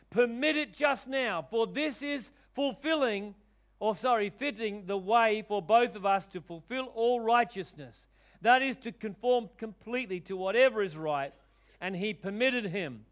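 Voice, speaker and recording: High-voiced preacher delivering an animated sermon. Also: male voice. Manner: animated, acts out quoted voices, swings between loud declaring and soft asides.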